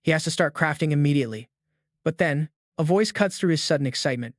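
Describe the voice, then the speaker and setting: Steady male recap narrator, dry sound. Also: fairly high pitch, fast talker, dry recording. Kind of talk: scripted narration.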